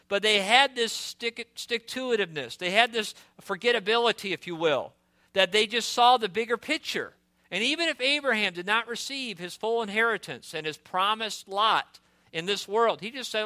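A man preaching a sermon in an earnest, conversational way, asking rhetorical questions of a congregation in a warm indoor hall. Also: high voice, animated, moderate pace.

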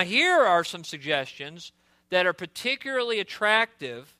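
Guy preaching a sermon, pretty high bright voice, talks to the crowd with lots of questions. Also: smooth, dry recording. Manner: earnest, conversational preaching with rhetorical questions. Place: warm indoor church hall.

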